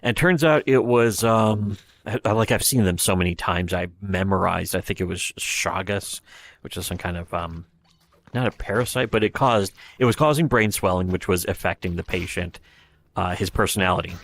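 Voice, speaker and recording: Low-voiced man in rambling stream commentary. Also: moderate pace, fairly bright tone, no room sound. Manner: profane, meandering, retelling scenes with quoted voices.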